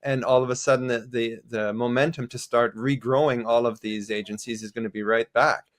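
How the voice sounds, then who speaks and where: A man's voice: mid-range voice, steady tone, a little fast. A man speaking as a podcast guest, explaining political ideas thoughtfully, often restarting phrases and using fillers. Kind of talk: casual political discussion.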